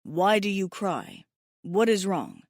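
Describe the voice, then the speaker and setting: A woman's voice: mid-range voice, animated, slow, darkish tone, no room sound, clean studio sound. A woman voicing a big, stern, protective male alien warrior who speaks in terse, formal sentences without contractions. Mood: stern concern.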